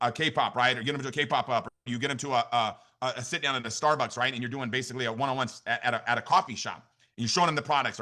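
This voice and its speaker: An American man delivers a motivational training talk at a fast clip, his voice bright and sharp. He drives each point home and keeps asking his listeners "right?" as he goes. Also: medium pitch. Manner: rapid, energetic, repeats "right?" to the audience. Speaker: network marketing leader training his team.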